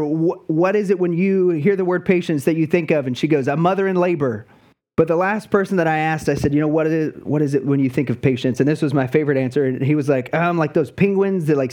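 Pastor, male, light higher voice, chatty humorous sermon storyteller. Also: darkish tone.

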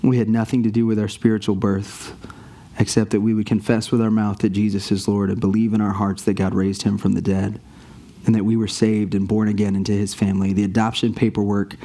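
A man preaching a sermon to his church, earnest and rising in pitch on the points he stresses. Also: darkish tone. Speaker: pastor.

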